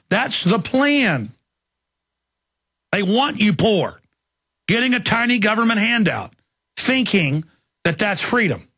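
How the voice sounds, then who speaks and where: A man hosting a talk radio show, ranting fast and fervently about the news. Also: a little high, a bit bright, husky, no echo, clean studio sound. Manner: fervent, mocks opponents in put-on voices.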